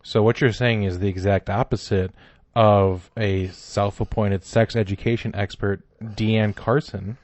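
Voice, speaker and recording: A man with a lowish voice co-hosting a comedy podcast, riffing with sarcastic energy. The sound is dry and close to the mic, with no room in it. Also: a little slow, no room sound. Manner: sarcastic, animated storyteller. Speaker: podcast co-host. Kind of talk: casual comedy chat.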